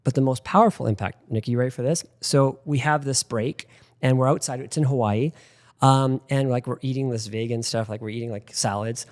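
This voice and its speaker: A middle-aged man hosting a talk show, telling personal stories in a lively, anecdotal way with lots of "like" fillers. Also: medium pitch, brisk. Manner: animated anecdotal storyteller with frequent "like". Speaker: podcast host. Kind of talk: casual interview storytelling.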